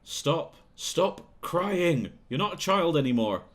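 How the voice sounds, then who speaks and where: A man's voice: a little high, big pitch swings, slow, fairly bright tone, heavily acted. A man voicing a manipulative, bullying male talent manager who talks down to a young singer, in a video game playthrough. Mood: coaxing. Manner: condescending, bullying, sneering.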